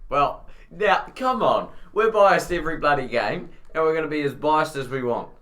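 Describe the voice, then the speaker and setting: A man's voice: a little high, animated, normal speed, a bit bright. A man with a New Zealand accent in casual, rambling banter as a co-commentator on a rugby stream. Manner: rambling, laughing storyteller. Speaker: fan co-commentator.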